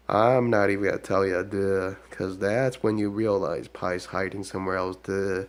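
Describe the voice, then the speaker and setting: Man, low gravelly voice, rambling taunting monologue, keeps saying "duh". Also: level tone, moderate pace. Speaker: self-proclaimed shaman.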